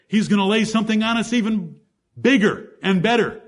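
A man's voice: sits high, brisk. A man preaching a sermon, teaching through Bible verses one by one in an emphatic way and asking the congregation rhetorical questions.

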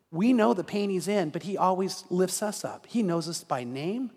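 High-voiced pastor preaching in a hall. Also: male voice, animated, moderate pace, few pauses, darkish tone. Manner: storytelling that builds to an earnest altar call. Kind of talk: sermon. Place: church sanctuary. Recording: reverberant church hall.

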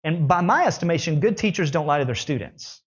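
Animated preacher with dull lo-fi sound. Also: male voice, fairly quick, husky. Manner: animated, rising high when voicing questioners. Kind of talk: sermon.

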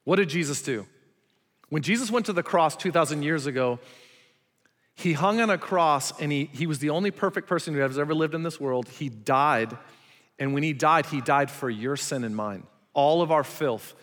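Male pastor, fairly high voice, emphatic sermon delivery, long hall reverb. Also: moderate pace, a bit bright. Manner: emphatic preaching, rhetorical questions to the congregation.

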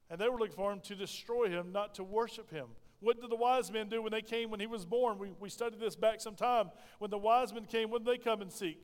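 High-voiced preaching man, hall reverb. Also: moderate pace, clear, resonant tone. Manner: preaching with call-and-response questions to the congregation. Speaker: pastor. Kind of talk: sermon. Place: church sanctuary.

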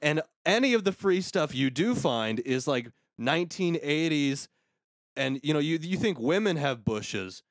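A man's voice: on the high side, big pitch swings, unhurried, no room sound. A man hosting a podcast, ranting crudely and sarcastically in casual comedic talk. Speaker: podcast host.

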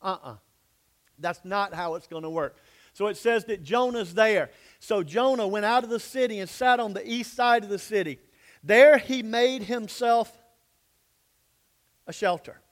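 A man preaching a sermon, acting out voices and swinging from hushed asides to loud outbursts. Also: sits high. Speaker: pastor.

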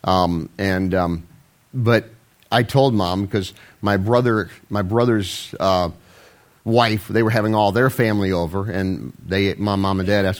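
A man's voice: fairly low pitch, measured pace. A man, preaching a folksy, rambling sermon with self-deprecating asides. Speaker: pastor.

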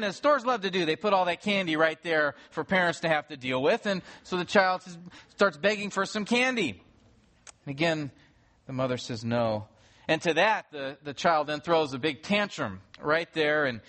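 A man delivers a sermon from the pulpit in a somewhat high voice. He tells his story earnestly, often restarting a phrase mid-thought as he speaks to the congregation. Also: a bit bright. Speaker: pastor. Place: church sanctuary before a congregation.

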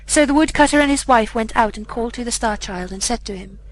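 A woman reading an old fairy tale aloud in a measured, even storybook narration. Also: on the high side, a little hiss or hum, poor audio. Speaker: audiobook reader.

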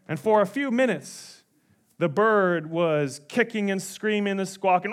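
A male pastor preaching a sermon, telling stories animatedly and dropping suddenly to a hush. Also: high voice, normal speed. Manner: animated storytelling with sudden drops to quiet.

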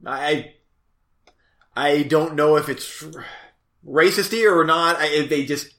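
Man host, slow rambling casual chat, fillers and restarts, echoey room. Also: fairly high pitch, fairly bright tone. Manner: rambling, halting, many fillers and self-corrections. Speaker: host reviewing movies.

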